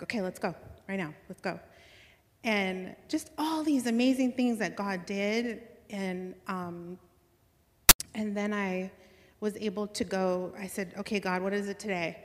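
A woman recounts a personal faith story, earnest and excited, dotting her sentences with "like" and little laughs. Her voice sits at an ordinary middle pitch. It rings out with a long reverb, as if spoken in a large hall. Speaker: speaker sharing a faith testimony.

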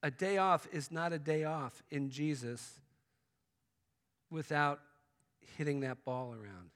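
Male pastor, sermon delivery, bright forceful voice, long hall reverb, shifts from loud outbursts to quiet murmurs. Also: on the high side, takes it slowly. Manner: swings from loud exclamations to hushed, intimate tones.

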